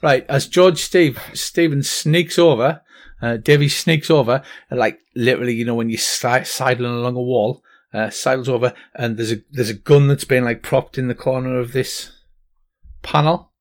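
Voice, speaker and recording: A man's voice: medium pitch, steady tone, normal speed. A man narrating a tabletop game as game master, with many ums and restarts. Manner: hesitant, lots of ums and restarts.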